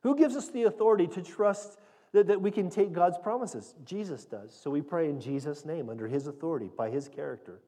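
A man gives a conversational sermon in a fairly high, mellow voice. He speaks earnestly and directly, often restarting and repeating his words. The long reverb of a church hall trails behind him. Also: fairly quick. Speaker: pastor teaching a Bible passage.

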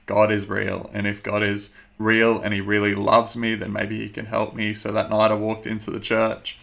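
A man in his thirties, a guest telling his personal testimony in an earnest, measured way with many fillers. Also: fairly low pitch, vocal fry, a bit bright.

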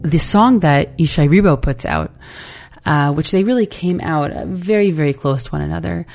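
A woman hosting a podcast, speaking in an earnest, reflective way, often pausing with "uh.". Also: low voice, animated, gravelly, a little mellow, faint music behind. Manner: earnest, hesitant with frequent "uh"s. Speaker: podcast host. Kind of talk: reflective talk.

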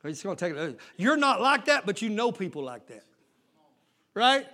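A man preaching a fiery sermon, his voice pitched very high and ringing bright. He keeps calling out to the congregation for an amen and builds to shouts. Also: big pitch swings, normal speed. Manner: fervent preaching with call-and-response. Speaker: pastor.

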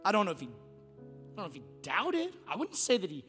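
A middle-aged man, a pastor preaching a sermon in an animated way, moving from quiet storytelling to shouting. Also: high-pitched, brisk, big-room sound, faint music behind.

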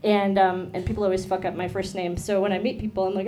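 A woman's voice: medium pitch, little pitch movement, fast, mellow, a little hiss or hum. A young woman performing a rambling, self-deprecating stand-up set with lots of ums and giggles. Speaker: stand-up comedian. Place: club stage with audience.

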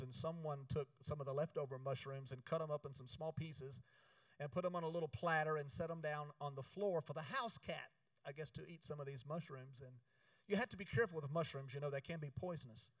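A man preaching a sermon, urging the congregation to repeat after him and switching between loud exhortation and quiet storytelling. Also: a little high, no room sound, distant mic, low-quality recording. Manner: emphatic, call-and-response preaching. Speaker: pastor.

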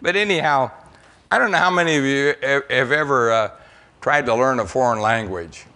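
With an animated, pushed and bright mid-range voice at a moderate pace, an older American addresses his congregation. His missionary tales come out folksy and rambling, dotted with fillers and repeated words.

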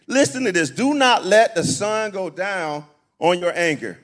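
A man's voice: high-pitched, expressive, measured pace, a bit bright. A pastor preaching a sermon in a church, talking to his congregation in a folksy, conversational way, asking them questions and repeating phrases. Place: church sanctuary.

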